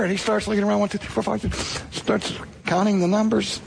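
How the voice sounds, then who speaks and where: A man preaching a sermon, telling a story dramatically with sudden rises and drops in pitch. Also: fairly even intonation, moderate pace, gravelly, husky, in a large hall.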